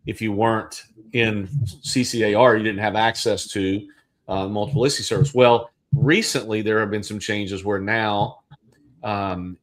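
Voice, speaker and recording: A man's voice: on the low side, a bit bright. A man hosting a casual livestream discussion as a real estate agent, thinking aloud with restarts.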